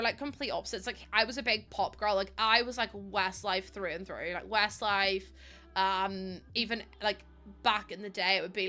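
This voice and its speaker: A young woman chatting casually to her stream, full of "like" and quick laughs. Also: mid-range voice, pushed and bright. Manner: chatty, laughs often, lots of "like".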